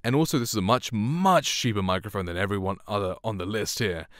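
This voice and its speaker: A man's voice: fairly low pitch, fast, fairly bright tone, no echo, clean studio sound. A man hosting a casual microphone demo, rambling and self-deprecating with frequent chuckles. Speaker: host reviewing microphones. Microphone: studio condenser microphone.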